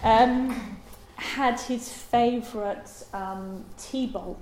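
A woman's voice: a little high, darkish tone. Woman doing a dharma talk, lots of ums, echoey room, a little background hiss. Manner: halting, thoughtful, many ums. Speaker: Buddhist dharma teacher. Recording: roomy echo.

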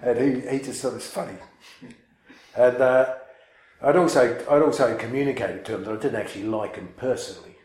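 A man's voice: mid-range voice, brisk, a little mellow. A man telling a personal story to listeners in a rambling, self-mocking way. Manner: rambling, self-mocking, many fillers and restarts. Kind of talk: casual storytelling talk. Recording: echoey room.

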